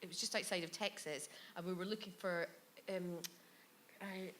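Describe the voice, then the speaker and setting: Woman guest, bright clear voice, lively storyteller at a live bar show, laughs a lot. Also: lowish voice, normal speed, a little hiss or hum. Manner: animated storyteller, laughs often, mimics people. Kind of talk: live podcast anecdote telling.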